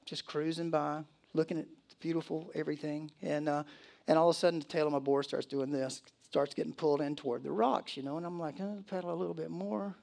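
A man's voice: on the high side, flat delivery, fast talker, vocal fry, a little mellow. A male pastor delivering a sermon in a church, telling stories animatedly with laughs and acted asides.

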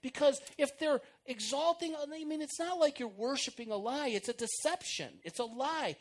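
A middle-aged man preaching an informal sermon, acting out prayers and conversations in an animated way. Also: very high-pitched, normal speed.

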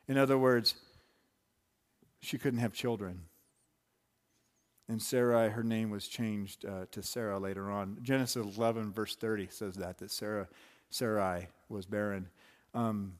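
Conversational male pastor preaching. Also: fairly low pitch. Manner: animated, conversational, with asides and restarts. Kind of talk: sermon.

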